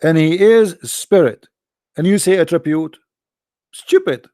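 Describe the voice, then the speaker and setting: A man hosting a live debate stream, tired and hoarse, talking in a sarcastic, taunting way. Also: on the high side, measured pace, dark tone, no echo, clean studio sound. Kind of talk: casual mocking live-stream talk. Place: quiet room at home.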